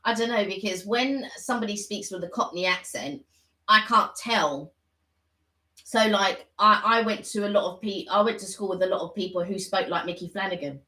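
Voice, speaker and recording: A woman from the London area co-hosting a live stream, chatting casually in a loud, frank way. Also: medium pitch, normal speed, recorded from a distance. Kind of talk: casual chat. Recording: echoey room, a bit off mic.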